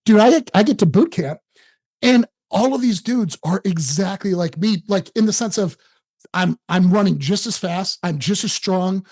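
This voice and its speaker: High-voiced man, animated storyteller. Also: moderate pace. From Detroit area, USA. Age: 40s. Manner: animated, self-mocking storyteller. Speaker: podcast guest, home-selling coach. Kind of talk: casual storytelling interview.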